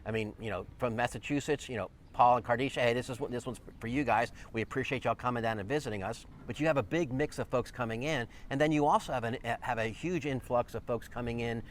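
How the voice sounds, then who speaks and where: A man's voice: mid-range voice, fast, hardly any pauses, slight background noise. A man hosting a real estate video, talking emphatically to the viewer and checking in with "okay?" after his points. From lived in northeast Georgia. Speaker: real estate agent and channel host. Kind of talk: casual chat to camera.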